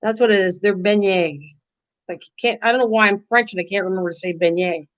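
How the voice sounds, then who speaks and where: A woman's voice: medium pitch, brisk. An older woman hosting a casual live stream, rambling chattily and answering viewers' comments by name. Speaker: live-stream craft host. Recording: dull lo-fi stream audio.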